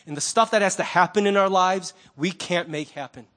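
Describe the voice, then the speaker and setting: A man preaching a sermon as pastor, conversational and animated, acting out little quoted voices. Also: high voice, fairly quick.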